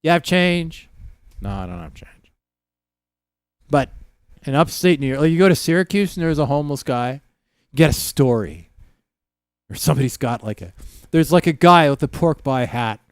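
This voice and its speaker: A man's voice: fairly high pitch, lively intonation, fairly quick, clean tone, no room sound. A man hosting a livestream, telling rambling, profane stories in casual chat with many fillers. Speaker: livestream host.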